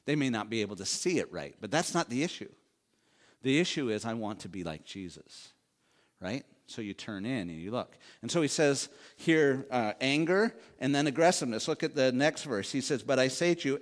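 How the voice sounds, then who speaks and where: A middle-aged male pastor with a medium-pitched voice preaches a conversational sermon. He poses rhetorical questions to the congregation and adds asides along the way.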